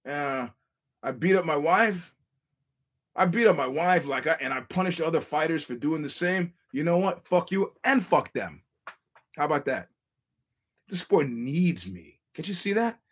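A man voicing an arrogant, swaggering male sports promoter who taunts and swears. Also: a little high. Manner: sneering, taunting, profane.

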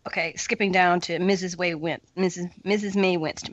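A woman's voice: fairly low pitch, fairly even intonation, no room sound, highs cut off. A woman co-hosting a podcast, talking about a story with enthusiasm, analysing it in detail and joking now and then. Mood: reading. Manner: enthusiastic, analytical, quick to joke. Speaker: podcast co-host. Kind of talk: casual podcast chat and reading aloud.

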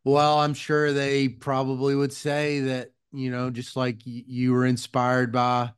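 A man's voice: mid-range voice, completely flat delivery, a little slow, clear, resonant tone. A man hosting an interview, mostly giving short affirmations and asking thoughtful follow-ups. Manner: brief affirming backchannels. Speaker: interview host. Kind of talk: conversational interview.

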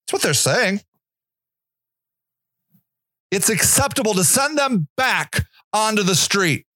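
A man hosting a podcast, delivering an angry, profane monologue rant, often shouting. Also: sits high, sing-song, moderate pace, no echo, clean studio sound. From Northeast Ohio. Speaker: podcast host.

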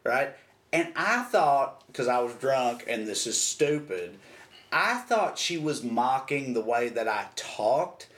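A young American man, co-hosting a podcast, telling a story in a loud, cursing, animated way. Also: medium pitch, takes it slowly, echoey room. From United States. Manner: profane, animated storyteller with a Southern drawl. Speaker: podcast co-host. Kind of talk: casual storytelling chat.

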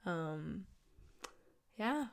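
A young woman hosting her podcast in casual, unedited talk, her voice hoarse and a bit raspy, chatty with many fillers and restarts. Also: on the low side, big pitch swings, drawn-out words. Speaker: podcast host.

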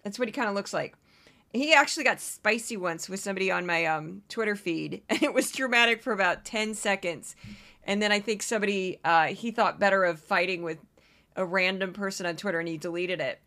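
A woman hosting a podcast in a loose, chatty style. Her voice is bright and forward, and she sprinkles laughs and quick asides between her points. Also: mid-range voice. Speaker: podcast host. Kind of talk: casual commentary.

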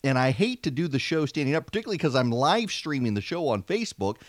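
Sitting at a studio mic in his home studio, a man in his forties runs a chatty, casual political talk radio show and pokes fun at himself. He speaks quickly at a medium pitch with big pitch swings, in clean studio sound without echo.

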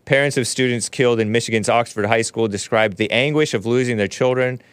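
A man's voice: mid-range voice, a little fast, smooth, dry recording. A man hosting a talk show, commenting sarcastically in a rambling, casual way, often laughing at his own remarks. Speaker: show host.

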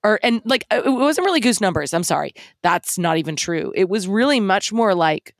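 Chatty woman co-host, mid-pitched, dry close mic, self-deprecating and giggly. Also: animated, moderate pace, dry recording. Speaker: podcast co-host, writer. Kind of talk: casual podcast chat.

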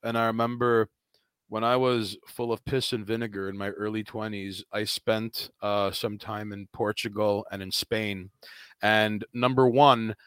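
An American man telling stories on a podcast, animated and profane, filling pauses with likes and ums. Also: fairly low pitch, clear, resonant tone, no echo. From United States. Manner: animated storyteller, profane, many fillers. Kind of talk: casual conversation.

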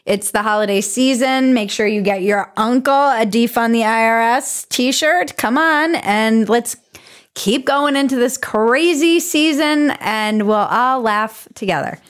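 A woman's voice: on the high side, measured pace. A woman hosting a comedic political commentary show, sarcastic and irreverent, laughing often. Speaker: host.

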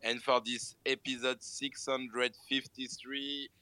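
A man's voice: mid-range voice, flat delivery, slow, pushed and bright, clear, resonant tone, no room sound, rough recording. A man with a French accent, a native French speaker, hosting a casual morning show with eager, repetitive talk and many fillers. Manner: enthusiastic, repeats words and fillers. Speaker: podcast host. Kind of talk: casual chat.

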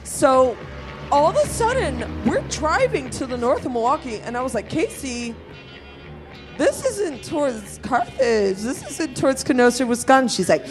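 A woman's voice: a little high, normal speed, faint music behind. Profane woman telling a wild story. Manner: profane, animated, acts out friends' voices. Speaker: storyteller guest. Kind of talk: live comedic storytelling. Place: live show venue.

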